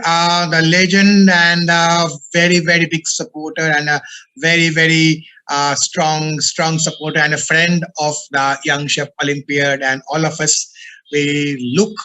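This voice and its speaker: A man's voice: fairly high pitch, pushed and bright, poor audio. A man who heads the college, giving formal, effusive welcomes over a video call, with frequent "uh" fillers and repeated words. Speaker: college CEO.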